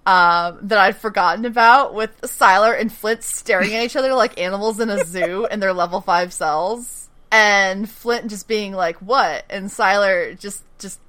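A woman's voice: mid-range voice, moderate pace, hardly any pauses, a bit bright. A woman co-hosting a casual rewatch podcast, chatty, swearing freely and laughing often as she recaps scenes. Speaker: podcast co-host recapping episodes.

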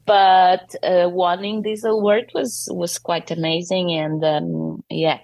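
A woman's voice: on the low side, flat delivery, takes it slowly, creaky, a little mellow, no room sound. A Portuguese woman in her thirties, a native Portuguese speaker, answering interview questions about her poetry in a casual, hesitant way with many fillers and restarts. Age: 30s. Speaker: guest poet.

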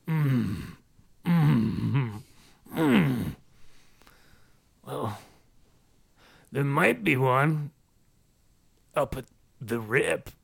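A man's voice: medium pitch, big pitch swings, very slow, vocal fry, long pauses, slightly rough, heavily acted. A man voicing a crude, brash female barkeep from the backwoods who claims psychic powers. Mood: musing. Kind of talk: improvised tabletop role-play.

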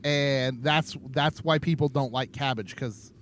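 A man's voice: mid-range voice, measured pace, fairly bright tone, slight background noise. A tipsy man co-hosting a podcast, rambling in casual chat and laughing often. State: tipsy from drinking. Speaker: podcast co-host.

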